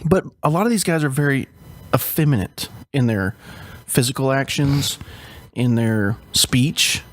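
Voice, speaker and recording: A man co-hosting a podcast, arguing his points in casual chat with a halting, opinionated manner. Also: mid-range voice. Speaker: podcast co-host.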